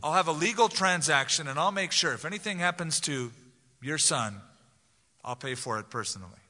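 Man, pastor, sermon, fairly high voice, very bright and forceful, long echoing hall. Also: lively intonation, moderate pace. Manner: conversational, acts out quoted voices. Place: large church sanctuary.

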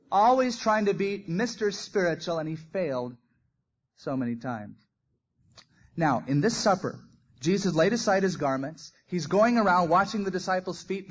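A man's voice: high-pitched, husky. A man preaching a sermon, telling stories with animation and acting out the quoted lines. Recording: dull lo-fi recording.

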